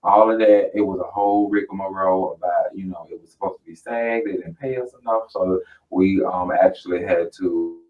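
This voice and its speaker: Rambling low-voiced man, distant. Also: steady tone, normal speed. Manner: rambling, full of ums. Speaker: radio host. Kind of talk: casual chat. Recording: distant, dull lo-fi sound.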